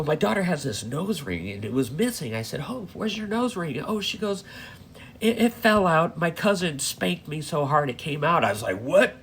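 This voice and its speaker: A man's voice: a little high, creaky, fairly bright tone, a little hiss or hum. A middle-aged man casually recounting a dream, profane and rambling, with lots of fillers. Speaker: dream storyteller.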